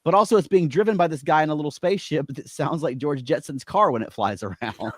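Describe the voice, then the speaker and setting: A man's voice: fairly high pitch, fast talker, a little hiss or hum. A man co-hosting a casual podcast who makes wry jokes as he talks. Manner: wry, joking. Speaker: podcast co-host. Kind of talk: casual chat.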